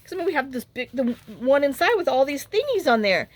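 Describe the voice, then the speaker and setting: A woman's voice: sits high, very animated, fast talker. Chatty woman rambling while crafting. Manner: rambling, chatty, frank, with sighs and asides. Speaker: crafting vlogger. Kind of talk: casual storytelling chat while crafting.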